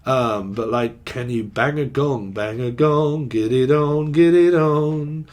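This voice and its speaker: A man's voice: medium pitch, takes it slowly. A man giving a freewheeling channelled tarot reading, rambling and jokey, with a lot of swearing. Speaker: tarot reader.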